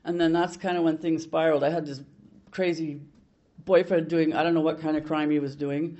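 A woman's voice: low-pitched, level tone, brisk, mellow, dull audio. An older woman from Canada sharing her recovery story at a meeting, in a blunt, salty way with many restarts.

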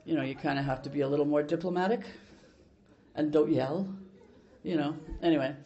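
Older woman, frank and salty, telling her recovery story; gravelly, dull lo-fi tape. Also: low voice, fairly quick, mellow. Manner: blunt, salty storytelling with many restarts. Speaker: recovery meeting speaker. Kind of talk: personal recovery story told to a meeting.

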